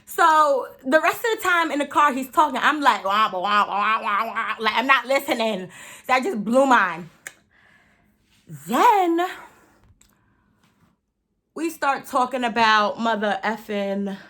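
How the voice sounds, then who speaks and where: A young woman, telling a story in a casual, profane, animated way while doing her makeup. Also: sits high, takes it slowly, pauses often. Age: 20s. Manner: animated, profane, laughs often, acts out her own quotes. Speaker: beauty vlogger.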